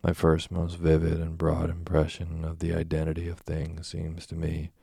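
Very deep gravelly male narrator. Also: monotone, mellow, no room sound, studio quality. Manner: slow, deliberate storytelling. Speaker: audiobook narrator. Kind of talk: scripted narration of a classic novel.

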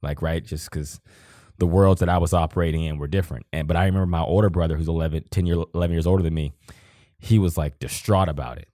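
A man with a very low, deep voice speaks casually and from the heart, rambling through his thoughts and swearing freely. The sound is dry and close, with no room echo. He is in his thirties and co-hosting a podcast. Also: fairly even intonation, quick pace, mellow. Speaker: podcast co-host. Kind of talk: casual emotional conversation.

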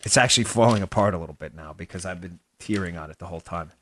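A man's voice: sits low, racing, fairly bright tone, slight background noise. A male podcast host giving political commentary, exasperated and sarcastic, rambling with restarts at a close mic.

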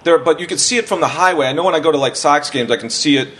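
A man's voice: a little high, racing, a bit bright. A man in casual podcast chat, telling long, swear-filled stories full of restarts and acting out what others said. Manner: swears freely, rambling anecdotes with restarts; acts out quotes of other people.

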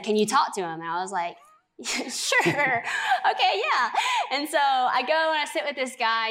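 A woman's voice: on the high side, fairly bright tone. A twenty-year-old woman sharing her faith story as a guest, earnest and chatty, with lots of "like.". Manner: earnest, chatty, heavy use of "like". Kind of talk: faith testimony in conversation.

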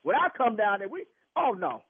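A man's voice: very high voice, expressive, moderate pace, creaky, breathy edge, no room sound. Indignant man on a phone line. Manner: indignant, repeats himself, talks over the caller. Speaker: prank call target, husband.

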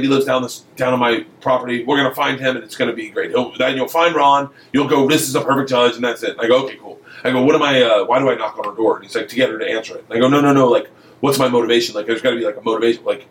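A man's voice: mid-range voice, reverberant, slight background noise, low-quality recording. A man telling a long comic story in casual chat, swearing often and acting out the voices of everyone in it. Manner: profane, animated, acts out every voice in the story. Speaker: comedian telling a story as podcast guest.

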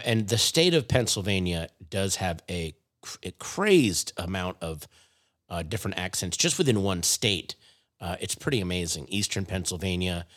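A man hosting a podcast in casual chat, rambling and halting with plenty of ums. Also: sits low, a bit bright. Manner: rambling, halting with many fillers. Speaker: podcast host.

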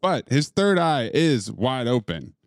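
Lively, joking male podcast producer. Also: medium pitch, slow, no room sound, clean studio sound. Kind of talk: casual chat.

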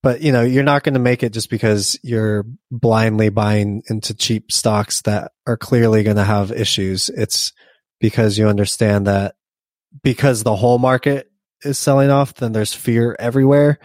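A man's voice: lowish voice, fairly even intonation, moderate pace, darkish tone, dry recording. A man co-hosting a podcast, talking casually with frequent restarts and fillers. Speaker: podcast co-host. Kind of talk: casual investing discussion.

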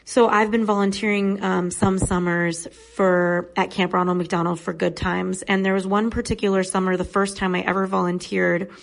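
A woman's voice: mid-range voice, little pitch movement, moderate pace, creaky, hardly any pauses. A woman in her thirties, a podcast guest, telling a personal story in an earnest, reflective way. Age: 30s.

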